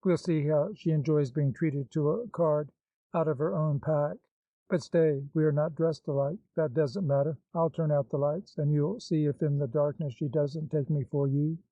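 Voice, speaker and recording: A man's voice: fairly high pitch, fairly even intonation, moderate pace, dark tone, no echo, lightly acted. A man reading the part of a bold, impertinent young woman with a glib, mocking manner, in a dull, dry recording. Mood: playful mocking.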